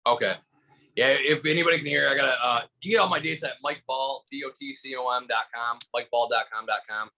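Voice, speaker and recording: A young comedian from Michigan talks shop on a podcast, his voice bright and forward at a middle pitch. He rambles through anecdotes, stacking "like" after "like". His delivery stays animated and loose throughout. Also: quick pace, creaky, rough recording. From Michigan, USA. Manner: animated storyteller, heavy use of "like" fillers. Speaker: stand-up comedian, guest. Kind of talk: casual podcast chat.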